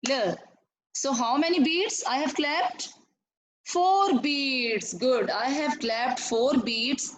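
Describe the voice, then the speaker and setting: A woman teaching an online class to young pupils, slowly repeating words and clapping out syllables. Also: high voice, low-quality recording. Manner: slow, repetitive, clapping out syllables.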